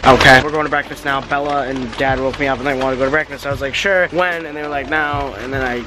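A man's voice: mid-range voice, steady tone, quick pace, background noise. A teenage guy vlogging in a rambling, joking, self-mocking way, filmed on a handheld camera. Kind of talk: casual vlog.

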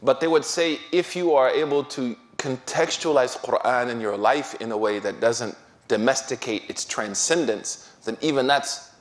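A middle-aged man giving a casual, laughter-filled talk as an imam, telling stories in relaxed, slangy speech. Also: mid-range voice, moderate pace. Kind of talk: casual sermon storytelling.

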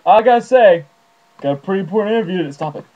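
A man rambling through an absurd comic monologue to camera, his voice jumping wildly in pitch and loudness. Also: animated, racing, dull audio. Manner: rambling, jumpy, wildly swinging pitch and volume. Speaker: vlogger.

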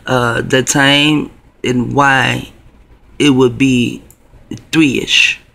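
A man's voice: medium pitch, a bit bright. A man telling a personal story to camera in a rambling, profane, conspiratorial way. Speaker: video blogger.

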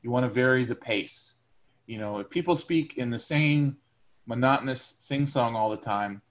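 In a recorded lecture for his students, a man teaches with a conversational tone, everyday examples and plenty of ums and uhs. He speaks at a medium pitch.

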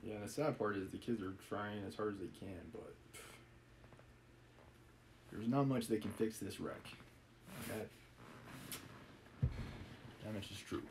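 A man's voice: fairly low pitch, unhurried, pauses often, a little mellow, a little hiss or hum, poor audio. A man reading a novel aloud on a live stream, mixing the text with wry, chuckling asides.

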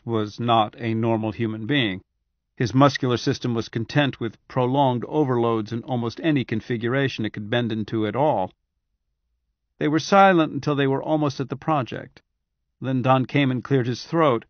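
A man narrating an audiobook in a steady, even-handed reading voice. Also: medium pitch, normal speed, no echo. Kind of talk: scripted narration. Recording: dry, slightly dull audiobook recording.

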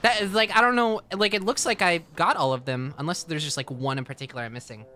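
A woman's voice: lowish voice, quick pace, sharp tone. A woman casually narrating a role-play, giggly and easygoing. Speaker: co-player.

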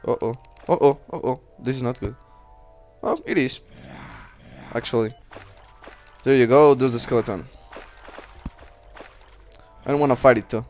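A man's voice: medium pitch, steady tone, moderate pace, pauses often. A young man giving rambling casual commentary while playing a game, talking to himself and swearing at enemies. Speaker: let's play host. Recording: faint game music behind.

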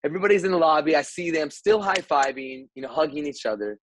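A man, a radio host guest on a podcast, telling a story casually, animated and swearing, with lots of restarts. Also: a little high, fast, a little hiss or hum, rough recording.

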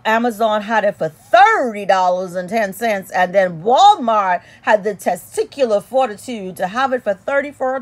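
A woman giving a casual perfume review in a sassy, animated, playful way with dramatic emphasis. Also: medium pitch. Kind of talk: casual product review vlog.

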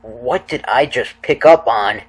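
A man at a middle pitch reading a game's dialogue out loud. He acts the lines with feeling and often sinks into quiet, hushed musing. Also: measured pace, slight background noise. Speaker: game commentator. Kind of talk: dramatic reading of game dialogue.

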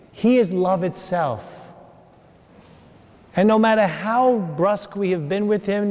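A man, a priest, delivering a sermon in a slow, earnest way with long pauses. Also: sits high, darkish tone. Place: large church. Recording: long church reverb.

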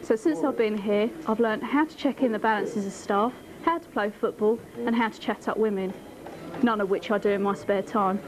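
A woman's voice: mid-range voice, moderate pace, noisy background. A woman telling a joke to camera in an office, giggly and self-mocking, picked up by a camcorder mic. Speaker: office worker. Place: office room.

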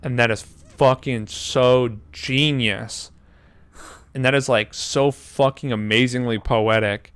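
A man in his twenties telling a story in casual chat, animated, swearing often and acting out quotes. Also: mid-range voice, slow, smooth, dry recording. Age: 20s. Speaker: podcast co-host.

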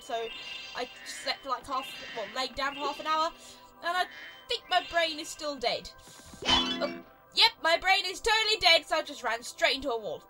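A woman's voice: sits high, poor audio. A young British woman hosting a let's play, chatty and giggly, rambling through casual gameplay commentary. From Britain.

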